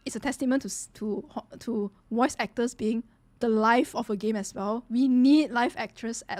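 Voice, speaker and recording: A woman streamer with a fairly high, slightly mellow voice chats casually during a live stream as she reacts to game scenes. She giggles easily and apologizes often.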